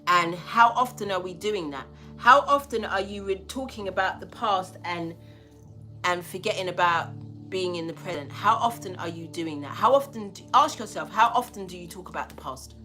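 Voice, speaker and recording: A woman's voice: on the low side, normal speed, sharp tone, faint music behind. Blunt, emphatic woman doing a spiritual reading. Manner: blunt, profane, emphatic preaching. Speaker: spiritual tarot reader.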